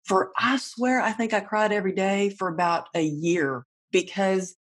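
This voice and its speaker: A middle-aged woman hosts a podcast conversation in a medium-pitched voice at a moderate pace. She tells stories in an open, confessional way, sharing her personal struggles.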